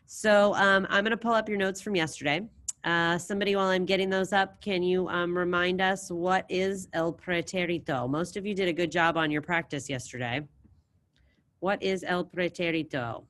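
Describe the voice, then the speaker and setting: A woman with a fairly low voice teaches a class online, speaking into a computer mic. She encourages her students and drills verb endings aloud with them, plain and patient. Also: fairly even intonation, moderate pace, fairly bright tone. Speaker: Spanish teacher.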